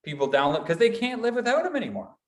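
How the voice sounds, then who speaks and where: A man presenting a motivational workshop, talking in lively repeated lists like a college instructor. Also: sits high, quick pace, reverberant. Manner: animated, builds repetitive lists.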